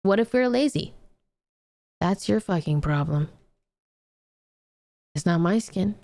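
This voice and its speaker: A woman's voice: fairly low pitch, expressive, slow, warm tone. A young woman streamer in casual chat with viewers, blunt and playful, swearing often while scolding.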